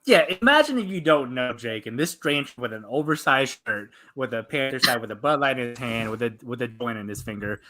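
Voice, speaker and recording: A man co-hosting a casual podcast, laughing often and reacting quickly. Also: mid-range voice, lively intonation, sharp tone. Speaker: podcast co-host. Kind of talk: casual streamed podcast chat.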